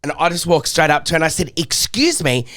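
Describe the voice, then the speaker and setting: A man's voice: on the high side, very animated, fast, a bit bright. A man co-hosting a podcast, telling a story in casual chat with lots of swearing and emphasis. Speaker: podcast co-host.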